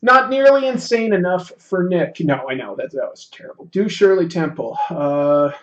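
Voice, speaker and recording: A man's voice: high-pitched, animated, moderate pace, dull audio, a little hiss or hum. A man hosting a casual livestream, reading chat aloud and joking about himself while he draws. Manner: reads chat aloud, self-deprecating and joking. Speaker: livestream host.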